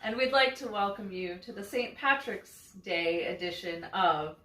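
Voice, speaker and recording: A woman's voice: medium pitch, unhurried, fairly bright tone. A woman co-hosting a podcast in casual chat, playful and theatrical. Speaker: podcast co-host. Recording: echoey room.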